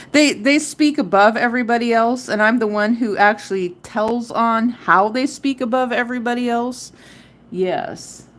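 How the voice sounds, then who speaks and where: A woman's voice: fairly high pitch, moderate pace, a bit bright. A middle-aged woman hosting a live crochet tutorial, chatting casually and counting her stitches aloud. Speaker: crochet livestream host.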